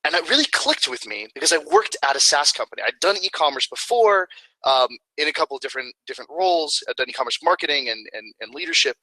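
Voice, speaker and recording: A man's voice: on the high side, lively intonation, fast, sharp tone, no room sound, rough recording. A man giving a webinar talk in a casual, upbeat, self-deprecating way. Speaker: webinar speaker. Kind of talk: casual presentation.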